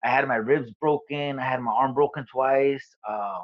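A man's voice: medium pitch, moderate pace, highs cut off. A man in a casual interview, telling stories in profane speech with many fillers and restarts. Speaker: guest.

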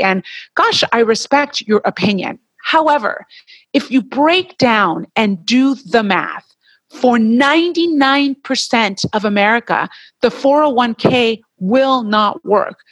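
A woman's voice: mid-range voice, no room sound. A woman hosting a podcast, talking in a casual, chatty way and sometimes getting heated. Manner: animated, chatty, gets heated and laughs at points. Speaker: podcast co-host. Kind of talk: casual solo podcast talk.

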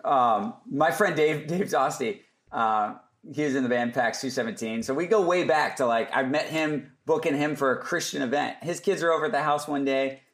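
A man's voice: mid-range voice, moderate pace, few pauses, fairly bright tone. A man as a podcast guest, telling casual stories and acting out other people's lines as he goes. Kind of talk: casual storytelling interview.

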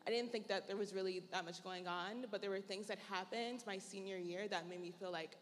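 A woman's voice: mid-range voice, brisk, hardly any pauses, slight background noise. A young woman from Tennessee, a panelist telling her story in a casual, chatty, reflective way. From Tennessee, USA. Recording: long hall reverb.

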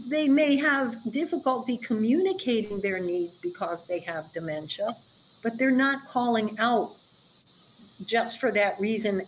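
A woman's voice: mid-range voice, a little hiss or hum, rough recording. Earnest woman dementia care educator. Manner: earnest, explanatory, emphatic. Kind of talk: interview conversation.

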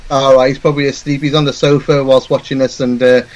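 A man's voice: mid-range voice, little pitch movement, quick pace, highs cut off. A man hosting a live podcast, wrapping up the show with casual, sweary thanks to his guests. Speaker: host.

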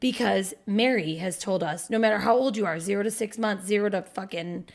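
A woman in her thirties co-hosting a casual podcast, telling a story loudly and animatedly, swearing often. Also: medium pitch, brisk, creaky. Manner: loud, profane, animated storytelling. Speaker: podcast co-host. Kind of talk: casual couple podcast chat.

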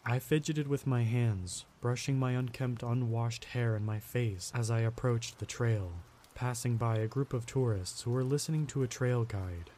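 A man narrating a first-person horror story in a steady, grim storytelling manner. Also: mid-range voice, moderate pace, few pauses, slight background noise.

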